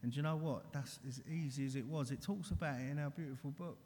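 A man's voice: on the high side, quick pace, a little mellow. A man giving an earnest, blunt recovery share, talking straight and calling everyone mate, in a large hall. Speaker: recovery speaker. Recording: long hall reverb.

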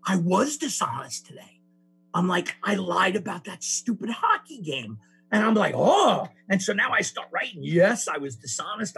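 A man with a gravelly, husky voice tells his recovery story to a meeting. He is lively and acts out the people in the story with plenty of restarts. His voice sits a little higher than most men's. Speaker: speaker sharing a recovery story. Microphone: call audio.

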